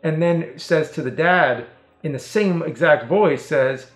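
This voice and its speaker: A man's voice: a little high, measured pace. Give me an easygoing man chatting, lots of fillers. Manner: easygoing, filler-heavy recollection. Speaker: co-host. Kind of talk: casual chat. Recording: roomy, slightly dull audio.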